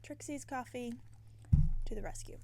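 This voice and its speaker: A tired woman hosting a knitting podcast, chatting casually and rambling, with soft half-whispered asides. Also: a little high, moderate pace, vocal fry. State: tired and yawning. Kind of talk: casual chat. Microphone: self-filmed camera.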